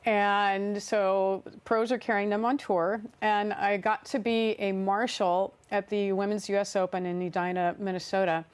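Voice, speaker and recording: A woman's voice: medium pitch, flat delivery, measured pace, hardly any pauses, clear, resonant tone. Chatty woman telling stories in an interview. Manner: chatty, laughs often, many fillers and restarts. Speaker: interview guest, artist and songwriter. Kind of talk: casual interview storytelling.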